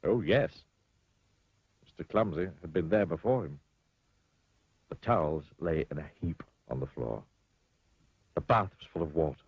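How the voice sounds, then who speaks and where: A man reading a children's storybook aloud in an expressive, playful way, sometimes speaking to the listener. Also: very deep voice, measured pace, long pauses, breathy edge, no echo, narrow, tinny audio.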